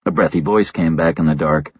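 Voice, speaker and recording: A man narrating a thriller audiobook in a measured, terse delivery on a slightly dull recording. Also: very deep voice, breathy edge, dry recording.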